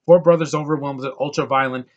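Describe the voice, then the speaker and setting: A man's voice: fairly high pitch, steady tone, fast talker, muffled recording. A man giving a casual, blunt film review, ranting and exasperated about what he dislikes. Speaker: movie reviewer.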